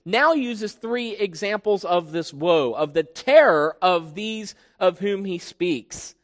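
Emphatic high-voiced male preacher in a reverberant hall. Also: takes it slowly. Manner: emphatic, teacherly, asks the congregation questions. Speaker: pastor. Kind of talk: expository sermon.

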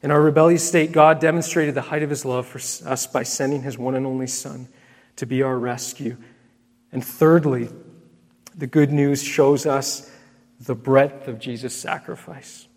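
A man's voice: medium pitch, fairly even intonation, normal speed, a little mellow, in a large hall. A man preaching a sermon as pastor, earnest and emphatic, repeating key phrases and calling his listeners friends.

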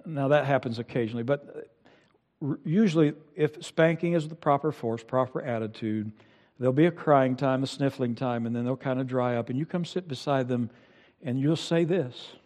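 A man's voice: mid-range voice, a little mellow. A middle-aged male pastor preaching an earnest sermon and often restarting his sentences. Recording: long hall reverb.

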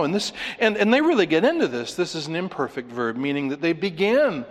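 A man preaching an expository sermon, animated, acting out the voices of the people he talks about. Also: fairly high pitch, brisk, in a large hall. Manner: animated, acts out voices of the disciples. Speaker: pastor.

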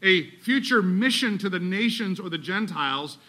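Male pastor, sermon, high voice, very bright tone, emphatic rhetorical questions. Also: expressive, moderate pace. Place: church sanctuary.

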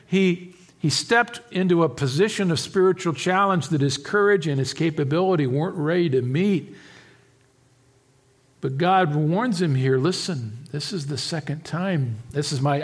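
A man preaching an expository sermon, swinging between hushed, quiet stretches and emphatic, raised passages, with halting restarts and repeated words. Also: on the high side. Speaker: pastor.

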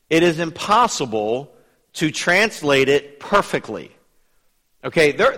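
A man teaching a Bible study in a lively, conversational way, putting questions to his listeners. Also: fairly high pitch, long reverb tail. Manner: lively, asks the audience questions.

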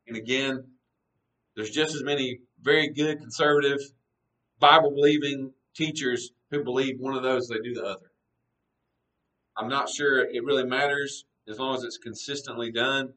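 A man's voice: mid-range voice, sharp tone, distant mic, low-quality recording. A man teaching a sermon in an earnest, conversational way, reading scripture aloud with emphasis. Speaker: pastor.

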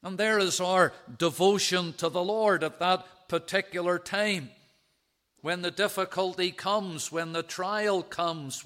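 A man preaching a sermon, reading out scripture verses and dwelling on them in a measured, emphatic way. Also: sits high, fairly bright tone.

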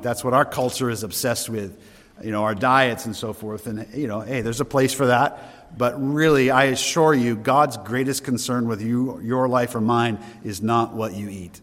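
A man's voice: mid-range voice, a bit bright, long reverb tail. A man preaching a sermon as a pastor, conversational and given to rhetorical questions.

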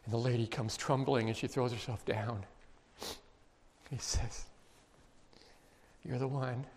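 A man's voice: medium pitch, fairly even intonation, measured pace, a little hiss or hum. Emotional man preaching in a reverberant hall. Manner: emotional, emphatic preaching with quiet intense passages. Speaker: pastor. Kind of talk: sermon. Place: church sanctuary. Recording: long reverb of a large hall.

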